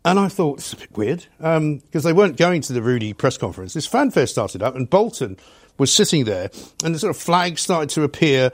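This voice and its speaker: A man hosting a studio talk show, scornful and animated as he tells his stories. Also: on the high side, a little fast, no room sound. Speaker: talk radio host. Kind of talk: opinionated chat.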